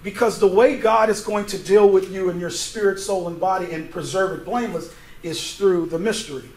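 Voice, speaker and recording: A man with a high voice speaks fairly quickly as a pastor teaching a Bible study sermon in a church sanctuary. He keeps it conversational, reading scripture aloud and asking the congregation to fill in words. The echoey room carries faint noise.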